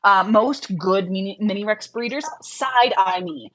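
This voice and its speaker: A woman's voice: medium pitch, moderate pace, few pauses, a bit bright, slight background noise, rough recording. A young woman hosting a casual livestream, chatting frankly with viewers and answering their questions with lots of fillers. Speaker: livestream host, rabbit breeder.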